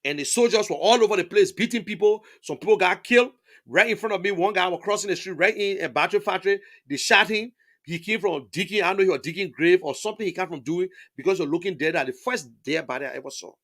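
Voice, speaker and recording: High-voiced Liberian man, emphatic testimony. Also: fast talker, a bit bright. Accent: Liberian English. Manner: emphatic and repetitive, stacks restatements, stammers on words. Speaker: interviewee, political supporter. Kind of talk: impassioned conversational testimony.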